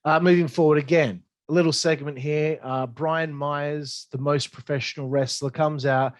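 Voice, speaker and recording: A man giving a blunt, profanity-heavy solo review of a wrestling show, excitable and opinionated. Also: a little high, moderate pace, no echo. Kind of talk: casual solo review monologue.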